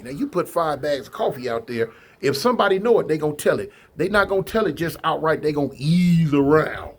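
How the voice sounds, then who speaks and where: Middle-aged man, animated storyteller, slightly high voice, faint hiss behind him. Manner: animated, emphatic, repeats phrases. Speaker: storyteller recounting prison life. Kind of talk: casual storytelling.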